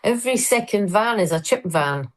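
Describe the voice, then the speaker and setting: A woman's voice: mid-range voice, lively intonation, moderate pace, low-quality recording. A middle-aged woman, a comedian, chatting casually and telling rambling, self-deprecating stories. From Scotland. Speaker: comedian guest. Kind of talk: casual chat.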